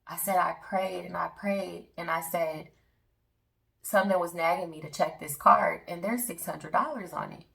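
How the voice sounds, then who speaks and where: Woman, gravelly voice, bright tone, earnest storytime testimony, talks straight to viewers, a bit far from the mic. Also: on the low side, echoey room. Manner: earnest, emphatic, addresses viewers directly. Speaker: vlogger.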